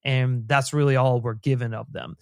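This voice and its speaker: A man's voice: medium pitch, fairly even intonation, moderate pace, clear, resonant tone, no room sound. A man co-hosting a casual TV recap podcast, rambling and thoughtful, with lots of "like" fillers. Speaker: podcast co-host.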